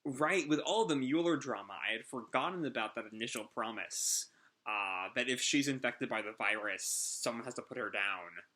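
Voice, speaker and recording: A man's voice: mid-range voice, moderate pace, sharp tone. A man chatting casually through a live manga chapter reaction, enthusiastic and full of fillers.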